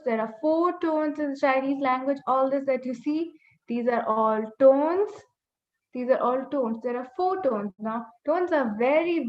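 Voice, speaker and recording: A woman teaching a beginner Mandarin lesson online, patiently repeating key points and modeling sounds. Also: high-pitched. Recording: slightly muffled webinar audio.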